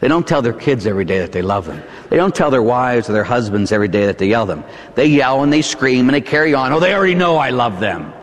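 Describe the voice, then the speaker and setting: A man's voice: mid-range voice, lively intonation, fast talker, few pauses. A man, a Catholic priest from Pittsburgh with a Pittsburgh accent, preaching a sermon in a chatty way with frequent tag questions. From Pittsburgh, United States. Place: church. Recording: long hall reverb.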